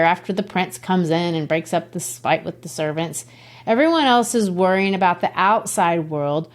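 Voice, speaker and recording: A woman from Brazil, hosting a podcast and explaining a classic play in a chatty way with asides. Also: mid-range voice. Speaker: literature teacher and podcast host. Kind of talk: conversational literature lesson.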